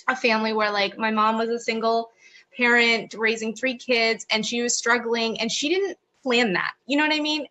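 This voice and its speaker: A woman's voice: fairly high pitch, pushed and bright. A woman leading a team video call, laughing and emotional as she responds. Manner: emotional, laughing through tears. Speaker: team leader hosting the call. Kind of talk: casual video call chat.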